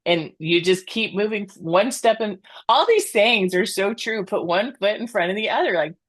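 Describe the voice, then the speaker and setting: A woman's voice: medium pitch, normal speed. A woman guest talking in a casual chat, earnest and reflective, giving motivational advice.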